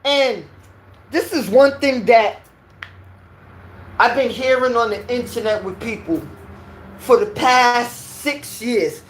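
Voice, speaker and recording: A woman from New York with a New York accent, giving a heated, preachy opinion rant and repeating her points. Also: on the high side.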